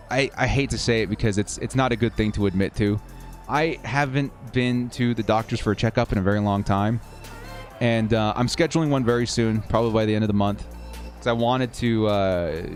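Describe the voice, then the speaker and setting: A talkative male live-streamer who drifts between calling simulated football plays and answering his chat in a relaxed, casual way. His voice sits at a middle pitch, and faint background music plays under it. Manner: chatty, reads and answers viewer comments between plays. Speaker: livestream host of football game simulations. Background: faint 1980s-style background music.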